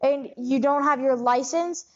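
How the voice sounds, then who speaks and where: Woman host, puzzled interviewer, improv comedy, high voice, muffled lo-fi recording. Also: a little slow, a little mellow. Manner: puzzled, keeps asking questions.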